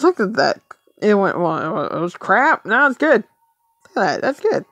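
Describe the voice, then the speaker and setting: A woman's voice: mid-range voice, big pitch swings, moderate pace, no echo. A woman thinking aloud as she plays a mobile game, muttering to herself and laughing often in casual commentary.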